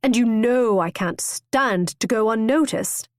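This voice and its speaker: A woman's voice: fairly high pitch, measured pace, no echo, studio quality, lightly acted. A woman voicing an impulsive, witty young noblewoman who tells her tale eagerly and theatrically. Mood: lively. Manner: bright, eager, storytelling.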